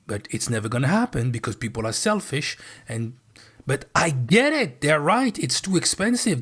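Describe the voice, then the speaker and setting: Swearing man, slightly high voice. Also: fairly bright tone. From France. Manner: blunt, swearing, emphatic repetition. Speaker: streamer. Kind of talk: profane livestream rant.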